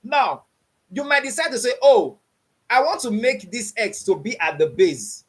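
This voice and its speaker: A man's voice: very high voice, animated, a little slow, fairly bright tone. A man teaching a beginners' coding class online, repeating his checks for understanding and quizzing the learners with open questions. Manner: repeats "you understand what I'm saying?" and quizzes with "what?". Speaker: coding instructor.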